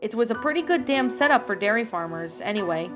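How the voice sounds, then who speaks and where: A woman's voice: a little high, animated, fast talker, lightly acted. Tough young woman survivor, grieving, choked voice, woman reading it, faint music behind. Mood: recounting. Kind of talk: reading fan fiction aloud.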